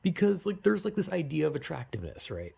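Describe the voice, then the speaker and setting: Man, gravelly, rambling vlog monologue, filler-heavy, swearing, self-deprecating. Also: fairly high pitch, very animated, fast, mellow. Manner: self-deprecating, rhetorical questions. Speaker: vlogger.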